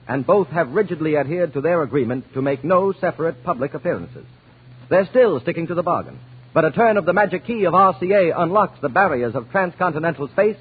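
A man giving a formal, measured 1930s radio announcement. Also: fairly high pitch, slightly rough. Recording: tinny old broadcast in a long reverberant studio.

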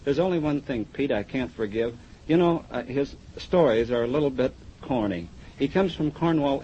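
A man's voice: medium pitch, expressive, normal speed, dark tone. A man, a judge, presenting an award in a genial, joking tribute speech on the radio. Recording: dull 1950s radio broadcast with faint hiss.

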